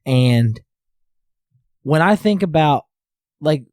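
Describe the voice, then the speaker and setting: A man's voice: fairly high pitch, expressive, slow pace, a little mellow, no room sound, studio quality. A man hosting a casual podcast chat, talking earnestly and reflectively and repeating phrases while he thinks. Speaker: podcast host.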